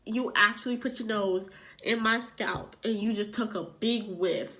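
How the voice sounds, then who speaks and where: A young adult woman vlogger telling a personal story in casual chat, animated and filling her talk with "like". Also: medium pitch, a little slow. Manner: chatty, animated, fills with "like".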